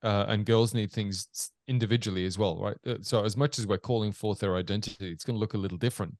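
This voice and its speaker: Low-voiced male host, dry sound. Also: steady tone, quick pace, darkish tone, no echo. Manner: thoughtful, framing questions. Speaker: podcast co-host. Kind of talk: interview questions.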